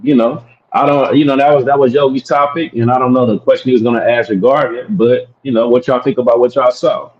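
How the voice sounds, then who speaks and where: A man's voice: medium pitch, steady tone, quick pace. Laid-back man hosting on a dull mic. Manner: laid-back, steers the show along. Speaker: podcast host. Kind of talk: casual chat.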